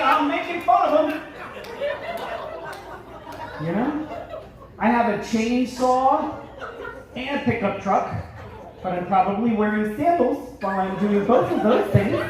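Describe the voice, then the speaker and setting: Male stand-up comic, brash, high-pitched voice, booming echoey theater, heard from afar, music behind. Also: distant mic. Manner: brash, switches into gruff Philly voices for bits. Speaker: stand-up comedian. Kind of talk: stand-up comedy set. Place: large theater stage with live audience.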